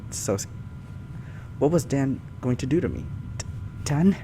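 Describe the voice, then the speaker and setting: A man doing a comic read-through of fan fiction, animated and often breaking off to laugh and comment. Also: mid-range voice, moderate pace, noisy background. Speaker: YouTuber reading fan fiction. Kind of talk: comic reading with live reactions.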